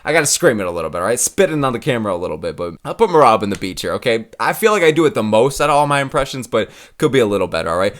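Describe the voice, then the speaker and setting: A man's voice: mid-range voice, very animated, fast, fairly bright tone. A young man hosting his channel in casual chat, swearing freely, laughing and tagging "all right?" onto lines. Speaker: channel host.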